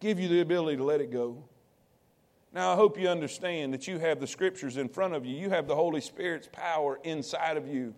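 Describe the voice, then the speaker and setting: A man preaching a sermon as pastor, building with repetition and rising to emphatic peaks. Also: high-pitched.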